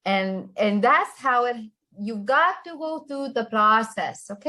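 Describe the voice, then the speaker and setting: A woman's voice: a little high, lively intonation, unhurried, bright, forceful tone. A woman hosting a talk show and playing along in improv comedy scenes, coaxing and playful, with lots of fillers and restarts. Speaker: host.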